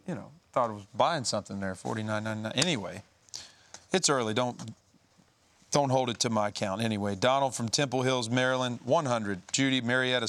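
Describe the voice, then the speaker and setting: A man's voice: medium pitch, a bit bright. A man hosting a religious telethon, reading donor names and amounts, adding prayerful remarks and light joking asides. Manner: easygoing, joking asides between prayerful comments. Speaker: telethon host.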